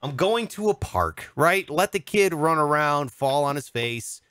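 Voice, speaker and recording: A man's voice: a little high, animated, measured pace, a bit bright, clean tone, dry recording, clean studio sound. A man in his thirties co-hosting a podcast, telling a comic anecdote in casual chat and acting out the voices of the people in it. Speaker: podcast co-host.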